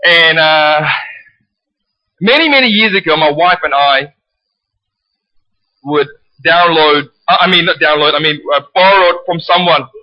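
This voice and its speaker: Fiery high-voiced male pastor. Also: a little slow, long pauses, dry recording, highs cut off. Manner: passionate, rising to shouts, with animated storytelling. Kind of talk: sermon.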